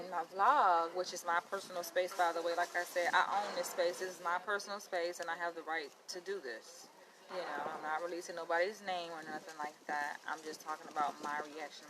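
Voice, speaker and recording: A woman's voice: on the low side, noisy background. A woman in training as a psychologist, talking bluntly in a casual vlog and acting out conversations as she tells them. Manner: blunt, animated, quotes people in dialogue. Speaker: vlogger.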